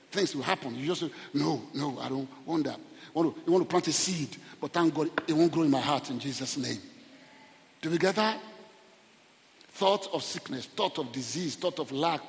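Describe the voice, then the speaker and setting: Middle-aged Nigerian male pastor, lively humorous sermon, slightly high voice, reverberant church hall. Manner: humorous, animated, repeats words.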